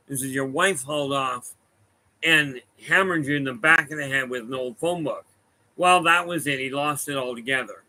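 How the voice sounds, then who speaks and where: Bright-voiced man telling rambling stories. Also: a little high, low-quality recording. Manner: rambling, anecdotal, self-correcting. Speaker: medium giving a talk. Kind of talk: casual storytelling talk to a room and online viewers. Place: room with a live audience.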